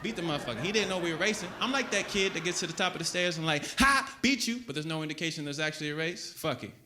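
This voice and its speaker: A man doing a stand-up comedy set on stage, profane and animated, often acting out voices. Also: on the high side, very fast, a little hiss or hum.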